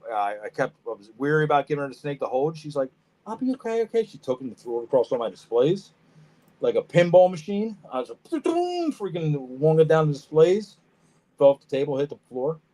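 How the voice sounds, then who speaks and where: A man co-hosting a casual podcast, telling animated stories about reptile shows, swearing freely and acting out what people said. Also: on the high side, brisk. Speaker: podcast co-host, snake breeder. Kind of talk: casual storytelling chat.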